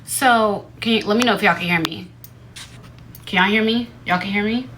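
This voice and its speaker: A woman livestreaming, telling a story to her viewers in a blunt, profane, animated way, often into a phone mic. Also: medium pitch, moderate pace, slight background noise. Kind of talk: casual storytelling to a live audience.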